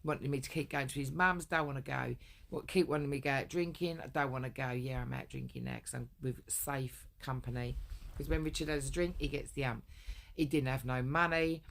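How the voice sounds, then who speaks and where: Gravelly woman ranting bluntly. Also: rumbling low, fairly even intonation, a little fast. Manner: rambling, heavy swearing, blunt. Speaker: vlogger. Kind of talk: casual storytelling rant.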